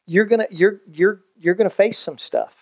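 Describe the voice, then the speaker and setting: A pastor preaching with easy humor, his voice sitting a bit higher than most men's. He jumps between chatty asides and acted-out quotes. The sound is dry and close, with no room echo. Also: a little slow. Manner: animated, conversational preaching with jokes and acted-out quotes. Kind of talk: sermon.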